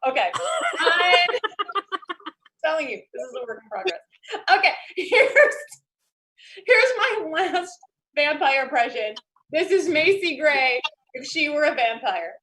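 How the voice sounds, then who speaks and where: Young woman doing stand-up over zoom, really high voice, slow and easy delivery, keeps cracking herself up. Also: big pitch swings, bright, forceful tone. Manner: playful, laughs at her own jokes. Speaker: comedian. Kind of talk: stand-up over video call. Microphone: video call.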